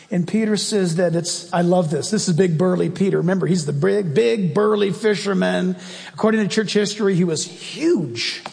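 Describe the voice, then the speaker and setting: A man's voice: sits high, gravelly, a little mellow, long reverb tail. A male preacher giving an emphatic, conversational sermon and asking the congregation direct questions.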